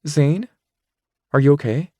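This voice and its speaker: A guy doing a sweet young woman in an audiobook, pitched way up and a bit distant, breathless and sorry, dry studio sound. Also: slow, darkish tone, no echo. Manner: breathless, apologetic. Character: young woman, playful and affectionate.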